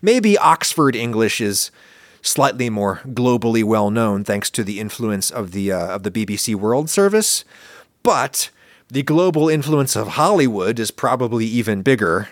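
A man's voice: medium pitch, very animated, moderate pace, no room sound, clean studio sound. An American man hosting a podcast, answering listener questions in a wry, opinionated, emphatic monologue. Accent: General American. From United States. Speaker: podcast host.

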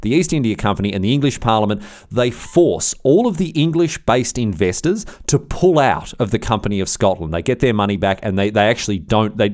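A man's voice: fairly low pitch, darkish tone. A male history podcast host telling a story in a casual, irreverent, jokey way, often restarting his sentences.

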